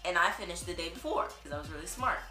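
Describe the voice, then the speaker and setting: A teenage girl on a vlog, bossy and quick, laughing as she tells a story. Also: on the low side, expressive, bright, forceful tone. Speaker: vlogger. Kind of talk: casual chat. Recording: roomy sound from a distance with faint music.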